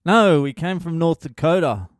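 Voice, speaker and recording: Brief: man putting on a blunt, bewildered elderly father, high and loud, dismissive. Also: lively intonation, moderate pace, no room sound, clean studio sound, natural voice. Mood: incredulous. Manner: dismissive, incredulous. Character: very old man, blunt, baffled by questions.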